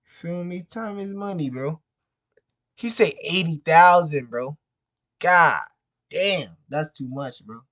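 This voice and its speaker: A man who wholesales real estate vents to the camera in a slightly high, fairly bright voice at a slow pace. He's frustrated, repetitive and profane, ending nearly every phrase with "bro".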